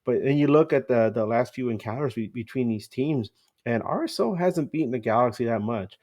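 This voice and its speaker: A man hosting a casual sports podcast, talking through match stats at a middle pitch. He is chatty and loose, laughing easily and filling pauses with "uh" and "um". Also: a little mellow. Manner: chatty, laughs often, many fillers. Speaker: podcast host.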